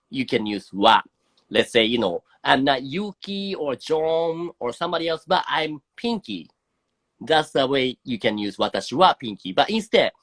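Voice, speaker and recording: Male Japanese teacher, Japanese accent, animated pitch, dry close sound, casual explaining with fillers. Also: no echo. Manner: explains in English with Japanese phrases, many fillers. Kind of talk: casual online lesson. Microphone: phone livestream.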